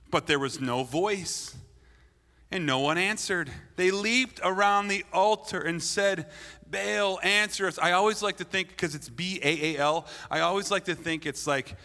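A man's voice: fairly high pitch, bright, forceful tone. A man preaching a sermon to a crowd, blunt and playful, acting out the lines he quotes. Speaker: pastor. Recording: long hall reverb.

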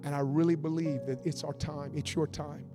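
A man preaching a fervent sermon in a church, swinging between loud build-ups and hushed passages. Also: a little high, little pitch movement, moderate pace, over music. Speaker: pastor.

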